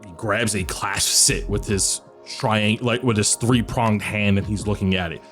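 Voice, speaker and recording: A man's voice: on the low side, steady tone, a little slow, a bit bright, soft background music. A man running a tabletop game, describing scenes in a loose, rambling way with fillers. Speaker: dungeon master.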